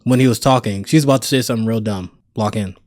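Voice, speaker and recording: A man's voice: lowish voice, fast talker, a little mellow, no echo, studio quality. A man reacting to a news panel clip with mocking, sarcastic asides. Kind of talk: casual reaction commentary.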